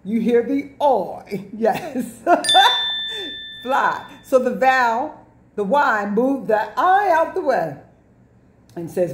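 A woman's voice: a little high, sing-song, extremely slow. A woman teacher giving a lesson to young children, repeating words, drawing out sounds and spelling words letter by letter. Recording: echoey room.

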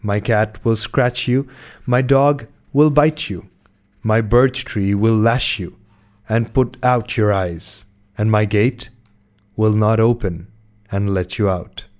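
Storybook witch, old woman, fearsome and greedy, man reading her in a low slow voice. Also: darkish tone. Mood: menacing.

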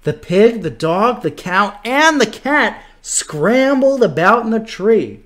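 A man reading a picture book aloud to children, playful and animated, stopping to make animal noises. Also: high voice, slow. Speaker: children's story reader.

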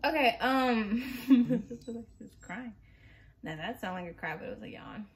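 A young pregnant vlogger chats casually and rambles, sounding a bit out of breath and laughing often. Her voice is a little high and expressive, at a measured pace.

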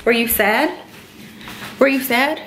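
In a casual prank vlog, a young woman teases her boyfriend playfully, asking the same questions over and over. Her voice is a little high and she takes her time, with noise in the background.

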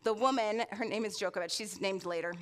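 A woman's voice: mid-range voice, brisk, a little hiss or hum. A woman preaching as a guest speaker in a church, playful and chatty, often asking the room questions. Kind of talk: sermon with audience interaction. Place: church sanctuary.

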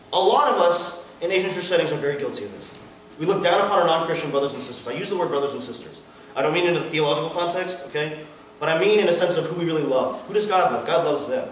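A man's voice: on the high side, quick pace, recorded from a distance, a little hiss or hum. A young man preaching an earnest, emphatic sermon to a student fellowship. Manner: earnest, builds to emphatic peaks, acts out a screaming son. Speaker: campus fellowship speaker. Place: large hall at a student gathering. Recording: echoey hall recorded from afar.

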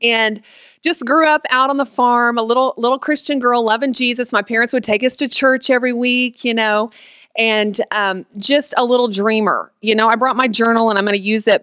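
A woman's voice: on the high side, fairly bright tone, smooth, no echo. A woman from in her late thirties, sharing a personal testimony with a chatty, emotional manner full of fillers. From Oklahoma panhandle, USA. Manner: emotional, tearful at times, chatty with many fillers. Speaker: guest speaker.

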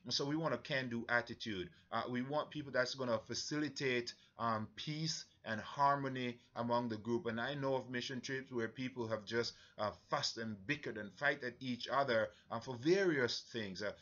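A man with a Jamaican accent, leading a church mission-trip briefing in an earnest, halting way with many fillers. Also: medium pitch, pushed and bright, highs cut off.

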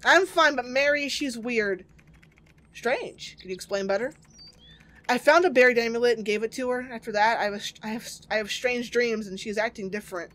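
A woman's voice: fairly high pitch, normal speed, fairly bright tone, lightly acted. A woman voicing Stan, an anxious husband who rambles nervously in a video game. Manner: rambling, nervous, sarcastic asides.

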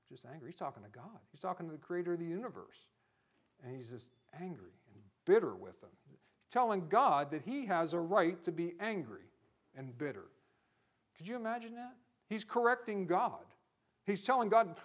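A middle-aged man preaches with fervor, his fairly high voice swinging from hushed, personal asides to loud, driving peaks. It is a heartfelt sermon, spoken straight to the congregation. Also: expressive, moderate pace. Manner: impassioned preaching, rising to near-shouting peaks.

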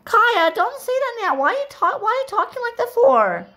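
A woman voicing an indignant, high-voiced girl who scolds her friend in a toy play-acting drama. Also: big pitch swings, fairly quick, sharp tone, full character voice. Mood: scolding.

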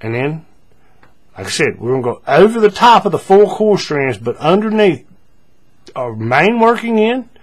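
In a laid-back paracord how-to, a man describes each move in turn, leaning on fillers and repeated phrases. He has a higher-leaning voice and a moderate pace.

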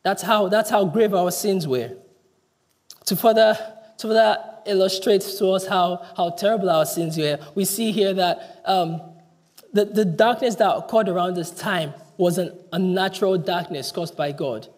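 A man preaching a sermon in earnest, stumbling and restarting often, dropping his voice low when he quotes a cry. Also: moderate pace, a little mellow. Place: church hall. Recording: long church hall reverb.

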